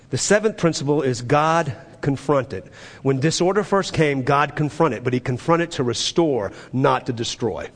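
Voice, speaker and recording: A man preaching with passion, his fairly high voice climbing and then sinking to a near hush. Each phrase rings out with the long reverb of a large hall. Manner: impassioned preaching, rising loud then dropping low. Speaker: pastor. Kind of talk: sermon.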